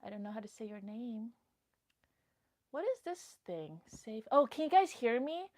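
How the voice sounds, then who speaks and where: A woman's voice: a little high, sing-song, normal speed, a little mellow. A woman hosting a casual livestream, nervous and giggly, who whispers to herself between remarks. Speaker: livestream host. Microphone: phone mic.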